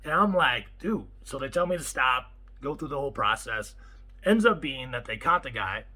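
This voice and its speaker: A man, a property manager, telling a story in a casual vlog and acting out the quotes in an excitable way. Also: mid-range voice, normal speed, breathy edge, poor audio. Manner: animated, excitable retelling with acted-out quotes.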